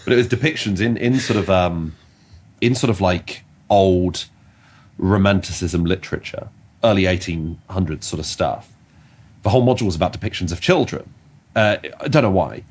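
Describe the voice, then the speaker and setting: A man's voice: sits low, moderate pace, husky. A man co-hosting a comedy podcast, chatting casually and telling rambling stories full of restarts. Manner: rambling, self-interrupting storytelling with restarts. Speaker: podcast co-host.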